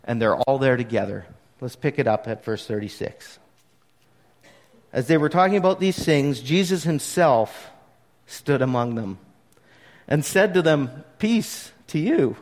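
A man preaching a sermon, retelling scripture in an animated way that swings from hushed to emphatic. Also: mid-range voice, measured pace, pauses often, in a large hall. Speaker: pastor.

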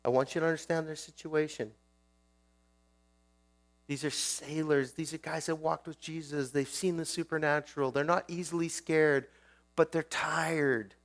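A man's voice: a little high, fairly even intonation, moderate pace, fairly bright tone. A male pastor preaching a sermon in a conversational way, often putting questions to his listeners.

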